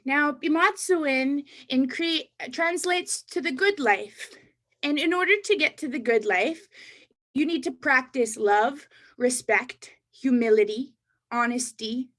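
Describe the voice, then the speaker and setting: High-voiced woman reciting spoken word. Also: fairly bright tone. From Canada. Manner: rhythmic rhyming recitation, then coaching listeners to repeat words. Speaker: poet and educator. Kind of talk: spoken word poetry and teaching. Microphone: online webinar mic.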